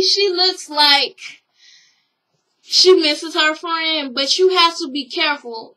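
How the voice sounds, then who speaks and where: A woman with a high voice recaps a show for her vlog, blunt and profane, animatedly acting out what people said. The audio quality is poor.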